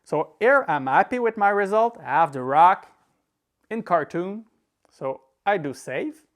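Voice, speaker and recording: A man's voice: sits high, animated, measured pace. A man with a French accent, a native French speaker, hosting a screen-recorded app tutorial and walking through each step in an easygoing way with small laughs. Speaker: tech tutorial host.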